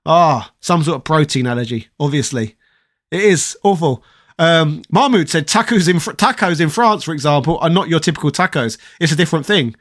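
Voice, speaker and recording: Mock-posh Englishman, slightly high voice. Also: a little fast. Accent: put-on posh English. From southeast London, England. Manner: mock-posh, opinionated, swears freely. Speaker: host reading live chat. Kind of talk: casual livestream chat.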